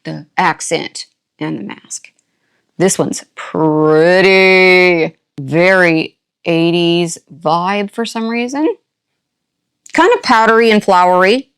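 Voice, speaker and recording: An older woman hosting a casual unboxing, chatty and playful with quick asides and a jokey put-on country twang. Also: lowish voice, a bit bright, clear, resonant tone. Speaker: unboxing channel host. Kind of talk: casual product unboxing chat.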